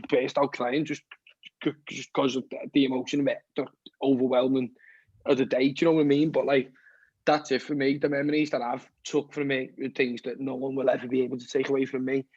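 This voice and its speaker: Scouse man chatting in a flat, rambling way. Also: medium pitch, fairly quick, slightly rough, no echo. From Liverpool, England. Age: 20s. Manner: rambling, keeps saying "you know what I mean", swears often. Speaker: guest musician. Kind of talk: casual podcast chat. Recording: dull, dry lo-fi podcast audio.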